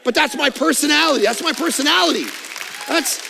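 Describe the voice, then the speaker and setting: A middle-aged pastor preaching in a long, echoing hall. His voice sits high and rough with heavy grit, and it cuts bright and forceful as he preaches at full energy and jokes at his own expense. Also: a little fast, a faint crowd, a little hiss or hum. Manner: energetic, loud preaching with self-mocking humor. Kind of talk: sermon. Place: church auditorium. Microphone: headset microphone.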